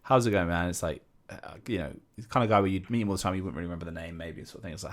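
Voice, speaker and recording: A man's voice: sits low, racing, few pauses. A British man co-hosting a podcast, telling rambling stories in casual chat and acting out the people he quotes. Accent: British English. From Britain. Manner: rambling storyteller who acts out quoted people. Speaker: podcast co-host.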